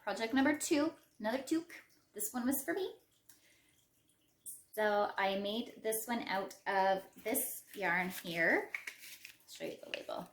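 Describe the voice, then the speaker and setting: A woman's voice: medium pitch, unhurried, long pauses, a little hiss or hum. Chatty Western Canadian woman in a roomy space. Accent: Western Canadian English. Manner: chatty and rambling, self-deprecating asides. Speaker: crochet podcast host. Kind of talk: casual show-and-tell chat. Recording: roomy echo.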